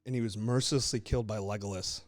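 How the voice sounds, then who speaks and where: A man's voice: lowish voice, fairly even intonation, fast, no room sound. A young man co-hosting a podcast, casually telling a made-up story in a loose, swearing, laughing way. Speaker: podcast co-host.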